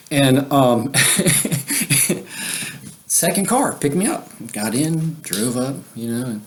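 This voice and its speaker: A man with a mid-pitched voice tells a personal story in a loose, rambling way. He leans on fillers and chuckles often as he talks.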